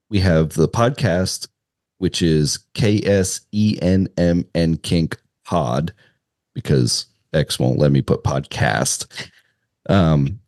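Deep-voiced easygoing male podcast guest. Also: darkish tone, no echo, studio quality. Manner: easygoing, halting, lots of fillers. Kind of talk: casual adult chat.

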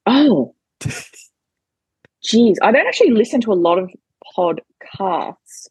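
A woman's voice: mid-range voice, big pitch swings, takes it slowly, a little mellow, breathy edge, no room sound. An Australian woman chatting casually as a podcast guest, giggly and a bit self-deprecating. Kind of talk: casual interview chat.

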